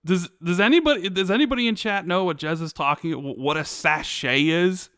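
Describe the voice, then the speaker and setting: A man's voice: sits high, a little fast, a bit bright. An American man hosting a podcast, reading live chat aloud and laughing often in casual talk. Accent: American English. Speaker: podcast host.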